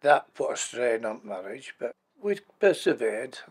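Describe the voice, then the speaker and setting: Husky and sing-song at a medium pitch, an elderly man in his 80s speaks at a measured pace. He recounts his life as a widower and former carer for a documentary, plainly and matter-of-factly.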